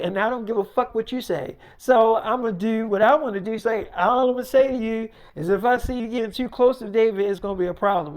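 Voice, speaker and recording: A woman's voice: fairly high pitch, darkish tone. A woman casually improvising a story, rambling and swearing as she acts out both sides of a heated argument.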